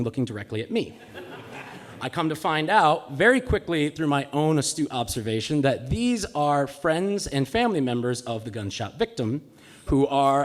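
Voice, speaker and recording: A man telling a personal story live on stage, with a comic, self-mocking delivery. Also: on the high side. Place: live stage in a cultural center.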